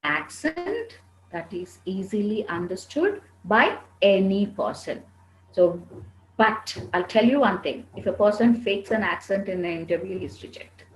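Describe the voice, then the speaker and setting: A woman's voice: mid-range voice, expressive, measured pace. A woman with an Indian English accent answering students' questions in a lecture, firm and instructive. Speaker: soft skills trainer. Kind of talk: classroom Q&A lecture. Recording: roomy echo, faint background noise.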